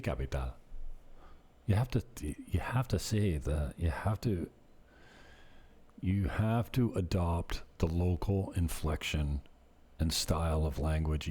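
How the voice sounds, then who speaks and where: A man vlogging in a casual, rambling monologue, self-deprecating and drifting off topic, with a husky voice. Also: low voice, dark tone.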